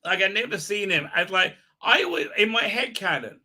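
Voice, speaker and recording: Bright-voiced rambling man. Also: high-pitched, expressive, normal speed. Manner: rambling, exasperated, crude, many fillers. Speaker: livestream host. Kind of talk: livestream fan commentary.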